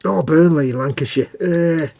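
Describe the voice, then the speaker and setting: Northern English man, a touch high, teasing live-stream co-host. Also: a little slow, gravelly, warm tone. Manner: jokey, teasing banter. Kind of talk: casual chat on a live stream.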